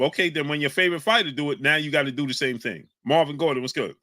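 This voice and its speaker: Speaking quickly with few pauses, a man with a somewhat high voice hosts a live stream. He reads chat aloud, hollers out usernames and argues heatedly with the people watching.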